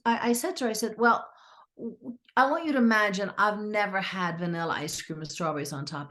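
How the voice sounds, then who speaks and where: A middle-aged woman, a therapist and author, telling client stories in a lively conversational way and acting out what clients said. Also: medium pitch. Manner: animated, acts out clients' quotes. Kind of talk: conversational storytelling.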